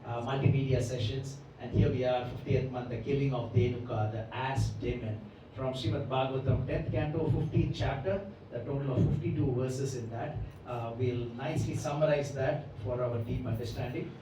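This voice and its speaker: Against a noisy background, a Bhagavatam lecturer speaks at a moderate pace in a mid-range voice with fairly even intonation. He explains devotional scripture at length and often asks "right?" to check in, recorded on a distant mic in an echoey hall.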